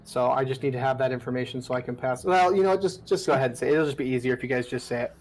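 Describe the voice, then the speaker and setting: A man's voice: medium pitch, racing, rough recording. A man narrating as dungeon master in a casual, rambling way, with many fillers and restarts. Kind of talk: narrating a tabletop game.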